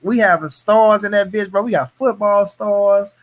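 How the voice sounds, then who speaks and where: A man's voice: high voice, normal speed. A man hosting a casual boxing live stream, ranting heatedly and cursing a lot. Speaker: host of a boxing talk stream.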